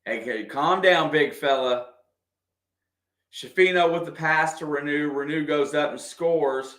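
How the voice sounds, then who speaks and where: A man doing casual, partisan play-by-play of a basketball game for a livestream, excitable and quick to react to the officials. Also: on the high side. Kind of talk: fan play-by-play commentary. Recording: echoey room.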